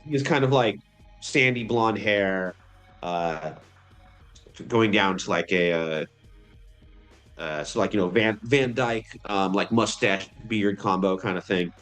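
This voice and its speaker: A man's voice: fairly low pitch, takes it slowly, fairly bright tone, faint music behind. A man narrating a tabletop game as game master, rambling with many fillers.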